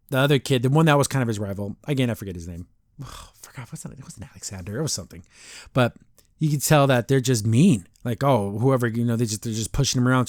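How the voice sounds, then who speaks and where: A man hosting a podcast, casually recapping a cartoon episode in a rambling, animated way, acting out the characters' lines. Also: mid-range voice, no echo, studio quality.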